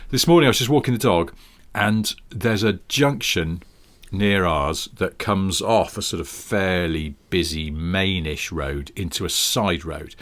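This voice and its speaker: A man's voice: deep voice, measured pace, a bit bright. A man co-hosting a casual podcast chat, telling a story in a wry way. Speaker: podcast co-host. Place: home.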